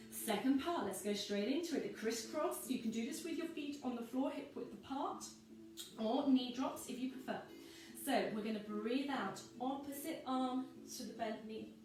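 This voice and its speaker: A woman leading a pilates workout, giving calm, encouraging cues timed to the breath. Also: fairly high pitch. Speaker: pilates instructor. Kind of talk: guided workout instruction. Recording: echoey room from far off with music.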